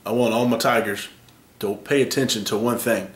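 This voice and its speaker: A man's voice: fairly low pitch, steady tone, moderate pace, echoey room, close to an everyday voice. A man playing a brash college football coach, mocking a rival coach in a comedic impression. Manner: mocking, trash-talking.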